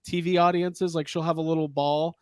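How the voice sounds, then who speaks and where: A man's voice: a little high, flat delivery, a little fast, darkish tone, clear, resonant tone, dry recording, studio quality. A man hosting a casual toy-collecting podcast, rambling with lots of fillers and jokes. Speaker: host.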